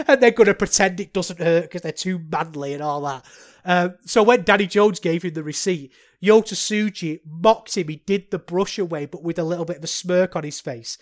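Podcaster, solo match review, rambling and self-deprecating, mid pitch.

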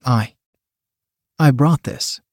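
A man voicing a shy young woman, halting and tongue-tied. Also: medium pitch, darkish tone, no room sound, clean studio sound. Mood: nervous.

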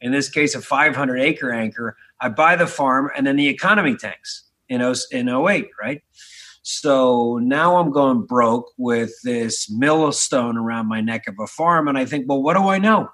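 A man's voice: medium pitch, a little slow, a bit bright. A man in his forties from Philadelphia, telling stories casually and animatedly in an interview, with lots of restarts and the odd swear word. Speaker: podcast guest, spirits entrepreneur.

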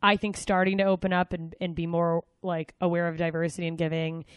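A woman hosts a casual podcast interview, chatty and quick with her follow-up questions. Her voice sits a little low for a woman. The mic is close and dry. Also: little pitch movement, smooth, dry recording, dull audio. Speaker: podcast host.

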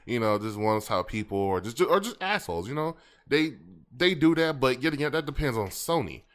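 A podcast co-host talks in a loose, rambling, slangy way during casual chat, reading the chat aloud as he goes. His voice is medium-pitched, animated, and brisk.

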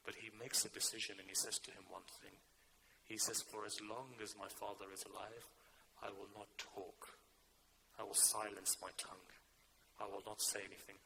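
A man preaching a sermon, telling a story whose quieter passages drop low and soft. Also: creaky, a little hiss or hum.

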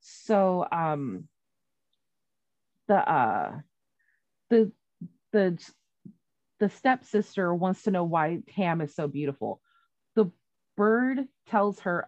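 A woman's voice: fairly low pitch, very animated, slow, long pauses, darkish tone, no room sound, muffled recording. A woman retelling a story in casual chat, rambling and swearing freely, with many fillers and restarts.

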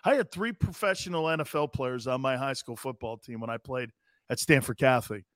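A middle-aged man from Connecticut hosting a sports radio show, loud and rambling, laughing and doing voices for his stories. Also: mid-range voice, a little fast, dry recording, studio quality. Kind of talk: animated sports talk.

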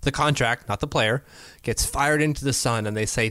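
A man's voice: medium pitch, normal speed, pushed and bright, no echo. Chatty man talking hockey, dry sound. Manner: chatty, self-correcting, laughs easily. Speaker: podcast co-host. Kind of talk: casual hockey chat.

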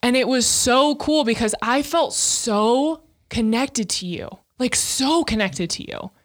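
A woman's voice: a little high, expressive, a little slow. Candid chatty woman, laughs a lot. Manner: open, emotional, laughs often, many fillers. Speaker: podcast co-host. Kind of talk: candid casual chat.

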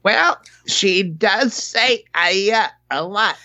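Slow, lively-pitched podcast co-host, lo-fi. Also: no room sound. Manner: laughs often, drawn-out reactions. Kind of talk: casual comedic movie chat.

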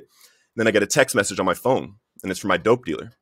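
A man's voice: lowish voice, quick pace, fairly bright tone, slightly rough, no echo, clean studio sound. A man giving an earnest, emotional personal testimony in conversation, often calling the listener "bro". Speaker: guest sharing recovery story.

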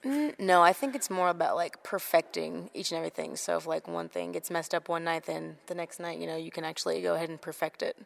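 A young woman from the United States talks through an interview in a slightly low voice. She laughs easily and sprinkles her answers with "like". Her tone is casual and unhurried. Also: gravelly. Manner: giggly, relaxed, many "like" fillers. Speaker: wrestler guest.

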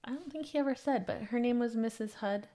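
A woman in her thirties, co-hosting a podcast and chatting casually about books, bubbly and quick to laugh. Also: on the high side, mellow. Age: 30s. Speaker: podcast co-host. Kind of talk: casual book chat.

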